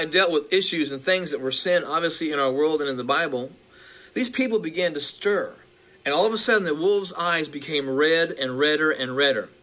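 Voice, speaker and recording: A male preacher recounting a vision, halting with restarts and building in intensity. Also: a little high, bright, forceful tone.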